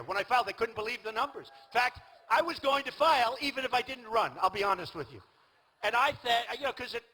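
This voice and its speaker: An older man holds forth at a political rally, boastful and repetitive, looping back to the same points. His voice is husky yet bright and sits high for a man. The speech comes through a rally sound system. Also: low-quality recording. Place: large outdoor rally venue.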